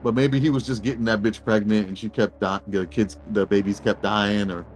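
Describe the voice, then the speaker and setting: A man's voice: fairly low pitch, fairly even intonation, fairly quick. A man co-hosting a podcast, chatting about a horror film in slangy casual speech, laughing and mimicking characters. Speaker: podcast co-host. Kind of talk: casual film review chat.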